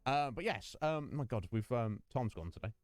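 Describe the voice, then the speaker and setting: A man hosting a game stream, talking casually in a rambling, chatty way and greeting viewers by name. His voice sits at an ordinary middle pitch and sounds dry and close, with faint music playing underneath. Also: lively intonation, normal speed, dry recording.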